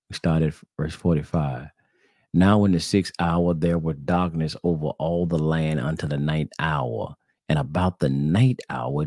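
A very low-voiced man, his voice gravelly with fry, preaches to his online audience. He keeps circling back with repeated rhetorical questions and calls them brothers and sisters. The sound is close and dry. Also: darkish tone, no echo. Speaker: religious podcast host. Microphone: screen-sharing computer setup.

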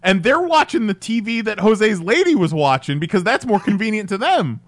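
A man with a high, expressive voice adds wry, self-deprecating remarks to a podcast story. The sound is dry, with no room echo. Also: moderate pace. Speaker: podcast co-host. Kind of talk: casual storytelling chat.

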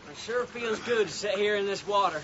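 An actor with an Oklahoma accent playing an eager, questioning young lad, on an old film soundtrack. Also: male voice, high voice, fairly quick, a bit bright. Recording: dull, faintly hissy old film soundtrack.

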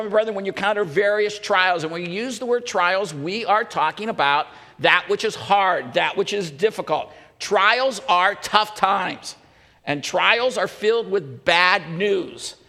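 A man's voice: on the high side, gravelly, pushed and bright. A male pastor preaching a sermon with earnest emphasis, repeating questions. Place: church hall. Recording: echoey church hall.

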